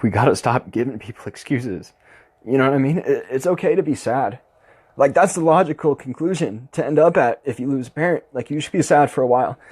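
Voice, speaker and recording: A man's voice: mid-range voice, a little mellow, slightly rough, no room sound. A young man hosting his own podcast, ranting bluntly and passionately with constant swearing in a casual monologue. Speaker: podcast host.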